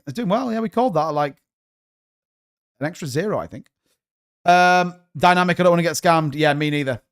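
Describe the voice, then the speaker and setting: Excitable high-voiced livestream host. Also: male voice, clear, resonant tone. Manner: chatty and excitable, quick to shout. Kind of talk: casual livestream chat.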